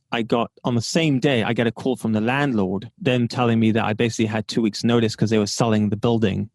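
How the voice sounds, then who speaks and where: Brief: man at mid pitch, lively storyteller who acts out conversations, dry close sound. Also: no echo. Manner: animated, acts out quoted dialogue, laughs often. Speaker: podcast guest, entrepreneur. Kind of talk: storytelling in a casual interview.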